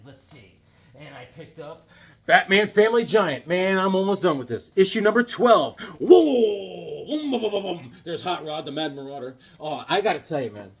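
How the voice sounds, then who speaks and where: Husky, rambling comic-collecting man. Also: mid-range voice, a bit bright. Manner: rambling, enthusiastic, jokey. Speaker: comic book vlogger. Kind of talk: casual comic collection chat.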